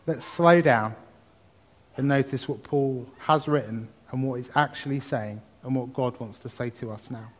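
A man's voice: medium pitch, moderate pace. A man preaching a sermon, reading scripture and talking about it with exuberant emphasis. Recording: long hall reverb.

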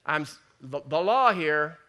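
A man's voice: fairly high pitch, animated, a little slow, sharp tone, smooth. A man preaching a chatty sermon, joking and acting out the voices in his head. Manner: folksy, joking, acts out inner voices. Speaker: pastor. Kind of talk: conversational sermon.

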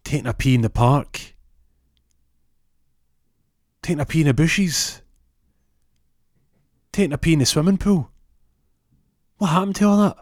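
Desperate young male orator, pleading and rousing, pitched high, as a male storyteller puts him on. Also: no room sound, studio quality. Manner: pleading, rising to a rousing speech. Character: desperate young man turned impassioned courtroom orator.

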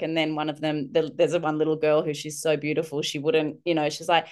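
A woman, a parenting instructor telling animated stories as an interview guest, acting out quotes. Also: fast. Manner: animated, acts out quotes in high voices. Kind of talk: casual storytelling interview.

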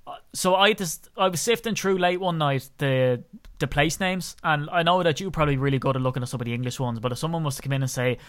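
A man's voice: on the high side, fast, fairly bright tone, clear, resonant tone. An Irish man hosting a podcast in casual chat, talking in a chatty, ranting way that gets worked up. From Ireland. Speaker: podcast host.

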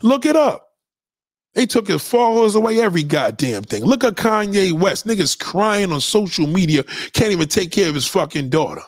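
A man's voice: high-pitched, very animated, a little fast, hardly any pauses, no room sound, studio quality. A man delivering a blunt, heated, profane rant to his followers, repeating his points. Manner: blunt, heated, repetitive, swearing. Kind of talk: profane ranting monologue to followers.

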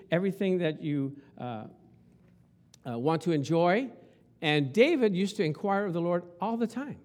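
A man preaching a sermon as pastor, telling stories and acting out quotes with lots of passion. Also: fairly high pitch. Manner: animated, storytelling with acted-out quotes.

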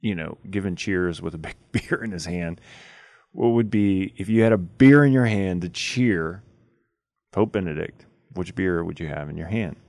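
A man's voice: sits low, moderate pace, darkish tone, no room sound, clean studio sound. A man hosting a casual chat, telling stories and laughing often. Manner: laughing storyteller, chatty. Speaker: podcast host.

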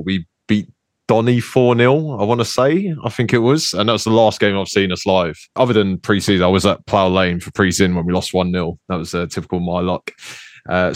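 A young man in casual podcast chat with a low voice. He hesitates, restarts, and pokes fun at himself. The recording is dry and close. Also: no echo. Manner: self-deprecating, hesitant, many restarts. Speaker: podcast co-host.

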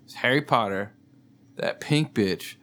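A man's voice: mid-range voice, unhurried, fairly bright tone. A man in casual podcast chat, giving plain-spoken and teasing opinions about films. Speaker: podcast co-host.

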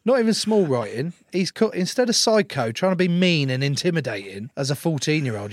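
A man's voice: on the high side, sing-song, a little fast, few pauses, dry recording, studio quality. An English man from England, an interview guest in casual chat, telling stories in a laid-back, joking way with some swearing.

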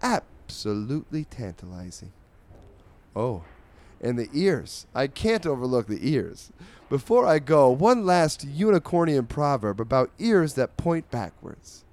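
Man doing a high, posh, effusive reviewer voice for a comedy read-aloud, swooning and overblown. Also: darkish tone, heavily acted. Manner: grandly effusive, drawn-out exclamations. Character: pompous, gushing fancy-voiced male reviewer.

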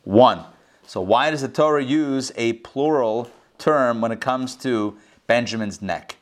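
A man's voice: medium pitch, a little slow. A middle-aged man, a rabbi, teaching a Torah class over a video call in a casual, jokey way, asking his audience questions. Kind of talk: casual online class lecture. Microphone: computer mic on a video call.

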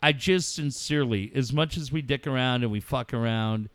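A middle-aged man hosting a radio talk show, speaking about a personal loss in a heartfelt, halting way and swearing freely. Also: medium pitch, a bit bright, clear, resonant tone, dry recording. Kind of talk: emotional casual talk.

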